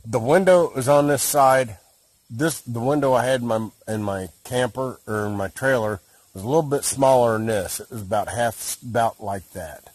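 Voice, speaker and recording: A man casually explaining and demonstrating an encounter at his trailer in plain, rough-edged talk. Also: medium pitch, normal speed, a little mellow, no room sound. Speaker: guest recounting an encounter.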